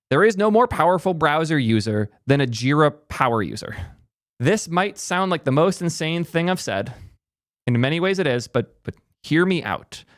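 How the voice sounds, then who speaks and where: A man's voice: medium pitch, dry recording, clean studio sound. Emphatic ranting male tech commentator. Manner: emphatic, ranting, rapid asides. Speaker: tech YouTuber host. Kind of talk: opinionated commentary.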